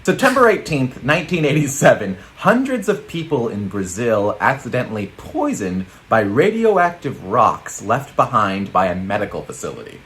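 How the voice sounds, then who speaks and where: Lively comedic male news co-host. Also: mid-range voice, moderate pace, few pauses. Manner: rambling, jokey, laughs often. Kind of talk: casual comedic banter.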